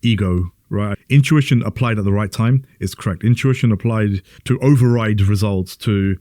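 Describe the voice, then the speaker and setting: A man's voice: lowish voice, moderate pace, warm tone, no room sound, clean studio sound. A man co-hosting a podcast, explaining his views in a thoughtful, casual way. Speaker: podcast co-host. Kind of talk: casual conversation.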